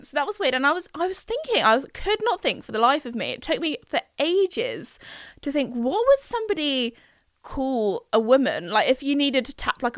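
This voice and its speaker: A woman's voice: on the high side, a bit bright, no room sound, clean studio sound. A young woman with an English accent, hosting a podcast in casual, giggly chat full of "like". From England. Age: young adult. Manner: chatty and giggly, peppered with "like". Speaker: podcast host.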